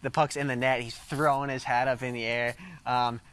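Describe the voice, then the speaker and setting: A man in his thirties from the St. Louis area talks through his hockey memories as an interview guest. His voice is smooth and clear at a middle pitch. He rambles with lots of fillers and laughs easily along the way. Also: level tone, normal speed, fairly bright tone. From St. Louis, USA. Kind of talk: casual interview storytelling.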